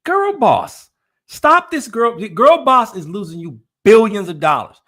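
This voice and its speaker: A man's voice: sits high, big pitch swings, moderate pace, a bit bright. A man ranting in a casual podcast chat, exasperated, filling his lines with "dude" and "man".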